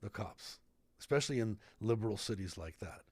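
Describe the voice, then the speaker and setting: His fairly low, breathy voice moves at a fairly quick clip, captured in clean studio sound with no echo. He's a retired fire captain in his fifties, a podcast guest in Idaho who tells stories animatedly and performs the dialogue during a casual interview.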